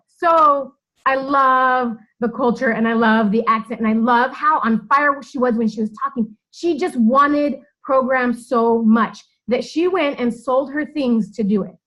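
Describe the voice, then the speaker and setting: Mulher animada conduzindo reunião de equipe. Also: female voice, high-pitched, a little slow, a bit bright, rough recording. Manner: chatty and upbeat, laughs often. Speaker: team leader hosting a coaches' call. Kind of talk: casual team meeting talk.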